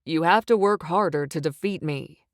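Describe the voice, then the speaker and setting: A woman's voice: low-pitched, normal speed, dry recording, studio quality, lightly acted. A woman reading the part of a teasing, cocky male wizard in an audiobook, with mocking, sing-song taunts. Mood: taunting.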